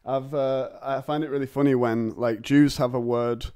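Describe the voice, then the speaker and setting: A man's voice: mid-range voice, fairly even intonation, mellow, clear, resonant tone, dry recording, studio quality. A man with a Northern English accent hosting a casual podcast chat, joking and restarting his words often. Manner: jokey, quick restarts and repeated words. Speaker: podcast host.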